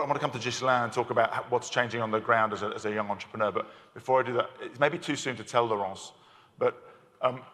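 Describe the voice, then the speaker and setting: A man's voice: lowish voice, fairly bright tone. A man moderating a conference panel, articulate but with frequent stammering restarts. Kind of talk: panel discussion. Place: conference hall. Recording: long hall reverb.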